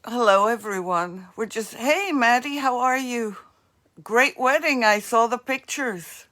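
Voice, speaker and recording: Woman from New Jersey, slow unhurried delivery, chatty livestream host, webcam mic. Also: fairly high pitch, sharp tone. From northeastern US. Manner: chatty, friendly asides to commenters. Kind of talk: casual livestream chat greeting viewers.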